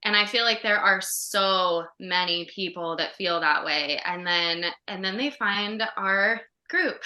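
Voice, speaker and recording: Bright-voiced woman podcast host. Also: medium pitch, slow, roomy sound. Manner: chatty, heartfelt, heavy on fillers. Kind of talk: casual podcast chat.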